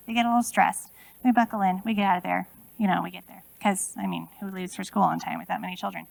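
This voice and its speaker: Keynote speaker, woman in her forties with some vocal fry; casual, talks straight to the room with rhetorical questions. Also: mid-range voice, steady tone, fast talker, a little mellow, dry recording, poor audio. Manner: conversational, asks the audience many rhetorical questions. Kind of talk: conference keynote talk. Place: conference room.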